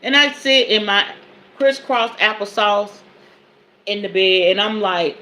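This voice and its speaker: A woman in her forties, a podcast host and spiritual advisor, speaks at a medium pitch with a steady, sharp tone and a measured pace. She reads from a self-help book, then breaks off to preach about it in an emphatic, colloquial way.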